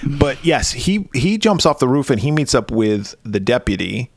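Man in his thirties, podcast co-host, crude rambling banter, lively swinging pitch, dry close sound. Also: normal speed, vocal fry, no echo. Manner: profane, laughing, rambling storyteller. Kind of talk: crude casual movie-recap banter.

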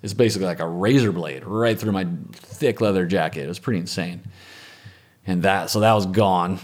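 A man telling a personal story in an interview, calm and reflective, often letting his voice trail off softly. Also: low-pitched, fairly quick. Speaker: interviewee, former medic and lifeguard.

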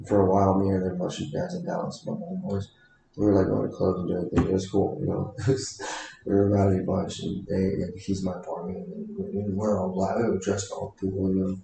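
A man's voice: sits low, monotone, fairly quick, creaky, mellow, heavy reverb, a little hiss or hum, low-quality recording. A man talking in a rambling, casual way, full of fillers and restarts. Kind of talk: casual conversation.

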